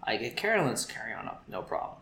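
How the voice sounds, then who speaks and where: A man's voice: lowish voice, brisk, vocal fry, roomy sound, a little hiss or hum. A man co-hosting a podcast, telling a story in casual chat and acting out the people in it. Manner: animated, acts out quoted people.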